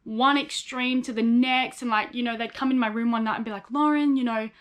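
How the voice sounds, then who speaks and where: A woman's voice: fairly high pitch, flat delivery, a little fast, fairly bright tone. A young woman speaks in a raised, light register. She tells her own story candidly and frankly, in a personal vlog, and she slips into the voices of the people she remembers. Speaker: psychologist in training sharing her story.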